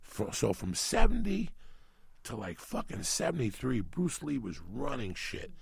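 A man's voice: mid-range voice, unhurried, no echo. A middle-aged man from New York City telling rambling, profanity-laced stories in a casual chat. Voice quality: gravelly, husky. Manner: profane, rambling, animated storyteller.

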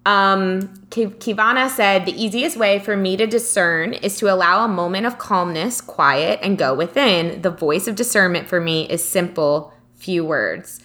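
A young woman co-hosting a casual spiritual chat podcast, animated and quick to leap up in pitch when quoting herself. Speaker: podcast co-host.

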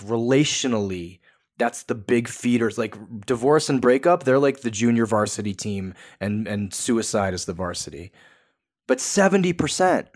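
A man, a podcast guest, talking earnestly and emphatically in a coaching tone. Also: medium pitch. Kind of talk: podcast interview.

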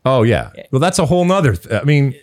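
A middle-aged man hosts a sports podcast in a casual, opinionated way, pushing his points with emphasis. His pitch swings widely as he argues, and the sound is dry and close. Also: big pitch swings, fast talker, dry recording. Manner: emphatic, opinionated, with many fillers. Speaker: podcast host.

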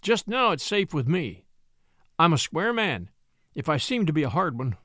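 Hard blunt blackmailer guy read by a man, slow and threatening, dry sound. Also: a little high, very animated, sharp tone, dry recording. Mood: menacing.

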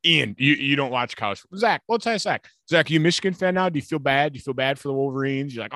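A man's voice: medium pitch, animated, fast talker, hardly any pauses, sharp tone, no echo, clean studio sound. A man co-hosting a podcast, ranting hotly and cursing, mocking others in quoted voices. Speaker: podcast co-host. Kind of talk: ranting casual chat.

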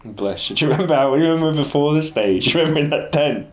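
Talking fast in a voice on the high side, a Manx-accented man is a guest on a call for a casual chat. He's an animated storyteller who swears heavily.

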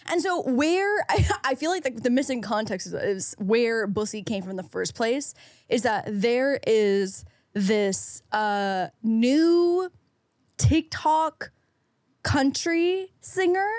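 Young woman host, bright higher voice, giggly and rambling, dry close sound. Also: lively intonation, slow, no echo. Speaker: podcast co-host. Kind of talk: casual chat.

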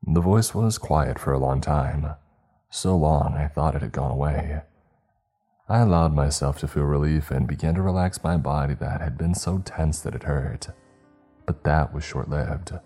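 A man with an extremely low, dark voice tells a first-person horror story in a measured, suspenseful way. His tone is husky, and faint music plays under the narration.

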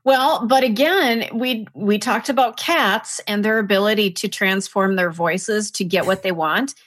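Female podcast co-host, former radio voice, measured and polished, conversational. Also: mid-range voice, a bit bright. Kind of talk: casual conversational chat.

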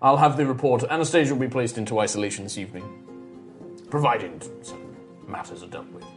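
Low-voiced woman running a tabletop game. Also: fairly quick, music in the background. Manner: relaxed narration with fillers. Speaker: game master.

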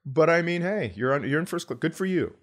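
Middle-aged comedian guy from minnesota spinning a story, voice swings all over, gets loud fast. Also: a little high. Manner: animated, jumps into loud exclamations. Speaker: comedian, podcast host. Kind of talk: casual comic storytelling.

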